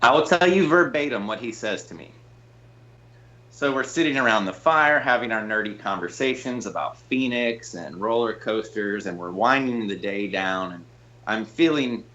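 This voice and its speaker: A man's voice: medium pitch, bright, forceful tone, dull audio. A man speaking as a podcast guest, chatting in an earnest, fond way. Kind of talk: casual storytelling chat.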